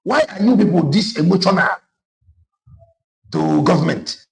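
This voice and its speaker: Gravelly Nigerian man, emphatic monologue. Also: high-pitched, measured pace. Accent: Nigerian Igbo. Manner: switches between Igbo and English, emphatic and repetitive. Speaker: online political commentator. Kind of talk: impassioned political monologue.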